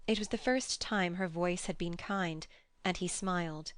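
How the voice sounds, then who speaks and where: A woman narrating an audiobook of a classic novel in a measured, even reading style. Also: on the low side, no room sound. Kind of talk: scripted narration.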